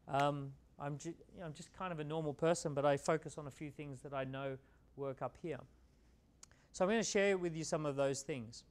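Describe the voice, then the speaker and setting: A man giving a casual, conversational motivational talk to a live audience, often checking in with "right?". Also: on the high side. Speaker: keynote speaker.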